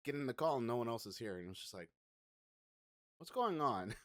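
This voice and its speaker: Relaxed rambling male co-host. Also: medium pitch, very fast, no room sound, clean studio sound. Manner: relaxed, rambling, mild self-repeats. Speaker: podcast co-host. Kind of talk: casual storytelling.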